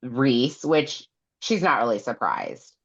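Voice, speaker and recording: A woman's voice: extremely low pitch, slow pace, slightly rough. A woman, recapping a novel in a casual podcast chat and acting out the characters' lines with animation. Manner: animated storyteller acting out quotes. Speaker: podcast co-host. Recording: dull lo-fi sound.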